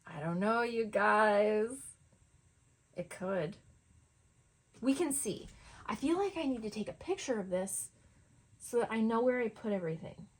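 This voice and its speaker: Slow-talking young woman muttering while crafting. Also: mid-range voice, expressive. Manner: chatty, self-deprecating, muttering to herself while working. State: out of breath. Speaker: art journaling vlogger. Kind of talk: casual crafting chat to viewers.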